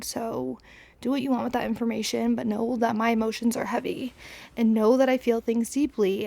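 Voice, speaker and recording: A woman's voice: fairly high pitch, creaky, warm tone, no echo. A woman in her twenties hosting a podcast, telling a personal story in a chatty, rambling way full of fillers and self-deprecating asides. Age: 20s. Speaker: podcast host. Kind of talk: casual solo storytelling.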